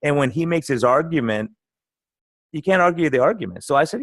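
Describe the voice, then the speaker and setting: Animated storytelling doctor, dry close sound. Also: male voice, on the high side, brisk, no echo. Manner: animated storytelling, acts out quoted patients. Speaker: internal medicine doctor, guest. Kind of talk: casual interview chat.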